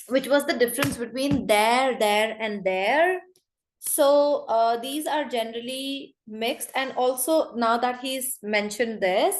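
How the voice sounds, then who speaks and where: A woman with an Indian English accent runs an online English class over a video call, with a voice sitting a little high. She explains points briskly and firmly tells students to stop laughing and disturbing her. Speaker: English teacher.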